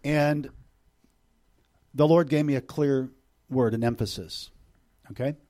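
A middle-aged man delivers a sermon to a church congregation in an ordinary, mid-pitched voice. He is animated, jumping from loud, high bursts down to quiet, close passages. He keeps it conversational, with joking asides to the room. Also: slow. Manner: animated, swings between loud bursts and hushed intimate passages. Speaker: visiting preacher.

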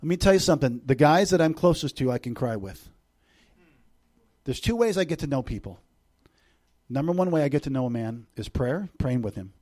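Animated middle-aged preacher, loud then hushed. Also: male voice, medium pitch, a little fast, pauses often. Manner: animated, swings between loud bursts and hushed intimate passages; conversational, joking asides to the congregation. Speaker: visiting preacher. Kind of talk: sermon. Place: church before a congregation.

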